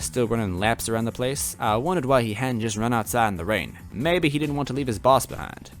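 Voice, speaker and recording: A man's voice: fairly low pitch, a little fast, few pauses, faint music behind. A man reading fan fiction aloud in first person, adding wry asides to the listener. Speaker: story reader.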